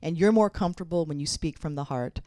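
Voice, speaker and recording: Low-voiced woman giving a direct keynote. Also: fast talker, dark tone, dry recording. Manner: candid, direct, advising. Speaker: mayor giving a keynote speech. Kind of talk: conference keynote speech. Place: conference hall.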